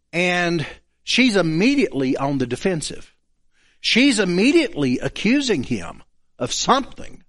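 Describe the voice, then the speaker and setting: A man's voice: high-pitched, moderate pace. A man preaching a sermon, acting out the quoted speakers as he goes. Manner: animated, acts out the quoted speakers.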